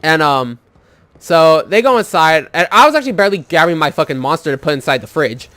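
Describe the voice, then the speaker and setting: Rambling young man, slightly high voice. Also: animated, brisk, fairly bright tone, no room sound. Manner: rambling, swears a lot, heavy use of "like". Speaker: gaming video host. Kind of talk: casual storytelling over gameplay.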